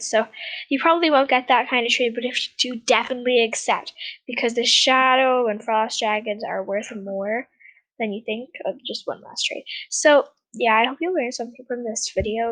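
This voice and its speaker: Chatty woman with a high voice. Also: fairly bright tone, low-quality recording. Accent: non-American accent. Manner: chatty and rambling, with frequent sighs and giggles. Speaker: gaming channel host. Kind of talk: casual gameplay commentary.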